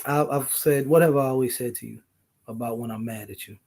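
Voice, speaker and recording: A man's voice: medium pitch, fairly quick, a little mellow. A man co-hosting a casual couple's podcast, talking earnestly, often cutting in and apologizing, with some swearing. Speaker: podcast co-host.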